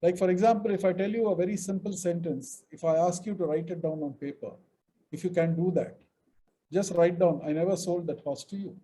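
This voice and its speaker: A man's voice: sits high, fairly even intonation, brisk, dark tone, a little hiss or hum, poor audio. A middle-aged man from India giving a webinar lecture on mediation, stressing words emphatically and acting out example sentences. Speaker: mediation trainer.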